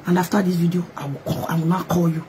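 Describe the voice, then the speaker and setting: Speaking quickly in a low, dark voice with fairly even intonation, a Nigerian-accented gist host pleads and apologizes on a live video, mixing English with pidgin and chanting in song. The recording is rough, with slight background noise.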